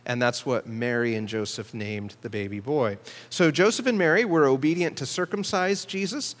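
A man preaching a sermon in a steady, teaching manner, slowing down to stress key words. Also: mid-range voice, big-room sound. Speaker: pastor.

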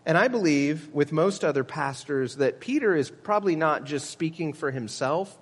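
A man's voice: fairly high pitch, normal speed, husky, in a large hall. A man preaching a sermon as pastor, earnest and emphatic, with teaching asides to the congregation.

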